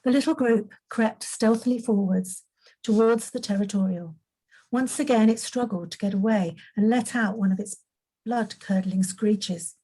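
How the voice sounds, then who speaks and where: A woman reading her own fantasy story aloud in an unhurried way, now and then correcting a slip. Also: mid-range voice, dark tone, husky, rough recording. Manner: unhurried, occasional slips and self-corrections.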